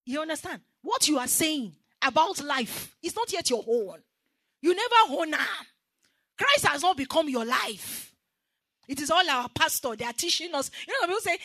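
A woman's voice: sits high, big pitch swings, moderate pace, fairly bright tone, no echo, studio quality. A woman preacher with a Nigerian accent giving an emphatic sermon and calling on the congregation to repeat her words. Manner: emphatic, call-and-response with the congregation.

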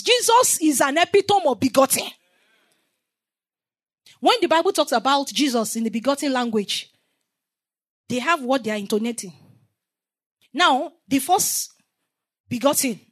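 A woman's voice: high voice, fairly bright tone. A woman preaching a sermon, teaching emphatically with repetition and call-and-response, leaving scripture lines for the listeners to finish.

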